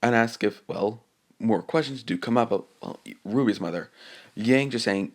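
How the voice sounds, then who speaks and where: A man with a low, gravelly voice narrates a fan story off the cuff. He hesitates, backtracks and fills gaps with filler words. He reads the characters' lines without changing his voice much. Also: normal speed. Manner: hesitant, rambling, many filler words and restarts. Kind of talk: improvised retelling of a fan story.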